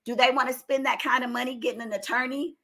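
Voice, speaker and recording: High, bright-voiced emphatic older woman. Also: fairly even intonation, quick pace, vocal fry. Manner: emphatic, exasperated, rising to outbursts. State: strained voice. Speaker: commentary vlogger. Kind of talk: opinionated commentary.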